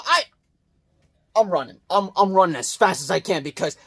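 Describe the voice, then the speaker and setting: Animated, profane man reviewing movies. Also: high voice, moderate pace, long pauses, husky. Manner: animated, dramatic swings from loud outbursts to muttered asides; blunt and profane. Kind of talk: casual movie review vlog.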